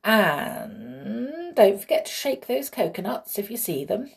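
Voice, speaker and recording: Her mid-range voice carries some vocal fry as she slowly reads a children's story aloud. She sounds gentle and expressive, and she chats warmly with her young listeners.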